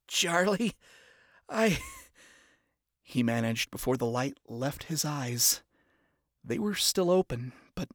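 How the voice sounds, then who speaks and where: Expressive, gravelly male storyteller. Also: on the high side, dry recording, clean studio sound. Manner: expressive, dramatic delivery. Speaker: narrator. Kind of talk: dramatic storybook reading.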